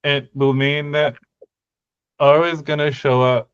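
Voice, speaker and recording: A man's voice: fairly high pitch, little pitch movement, slow pace, smooth, no echo, lo-fi sound. A man co-hosting a casual podcast chat, thinking aloud with hesitant restarts. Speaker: podcast co-host. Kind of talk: casual chat about conlang sound changes.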